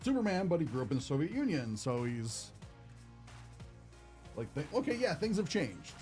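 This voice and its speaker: A man's voice: a little high, very animated, moderate pace, darkish tone, soft background music. A young man hosting a card-opening stream, chatting casually and rambling with lots of fillers. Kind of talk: casual chat while opening cards.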